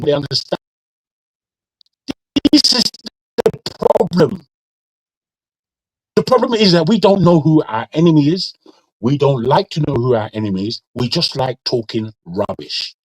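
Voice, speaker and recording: A man's voice: a little high, darkish tone, slightly rough, no room sound, low-quality recording. A man from Nigeria who grew up in Britain, arguing bluntly in a heated casual debate, swearing and repeating his words. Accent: British English with Nigerian touches. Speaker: discussion panelist.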